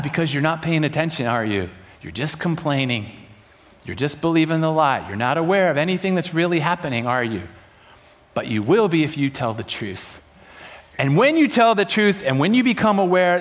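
A male preacher giving a sermon to a room full of people, swinging dramatically between loud urgency and hushed emphasis. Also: fairly high pitch. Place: room with a congregation.

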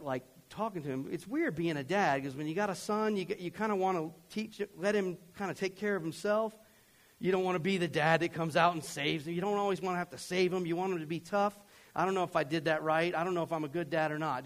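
A middle-aged male pastor telling a story in a sermon, conversational and self-deprecating, who keeps checking in with his listeners and swings from loud outbursts to quiet confession. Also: fairly high pitch.

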